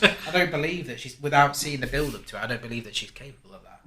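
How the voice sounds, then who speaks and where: A man hosts a casual film podcast. His voice is bright and forward, and his delivery is animated and rambling, full of restarts. It all sits in a roomy, echoey space. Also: medium pitch, brisk. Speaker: podcast host.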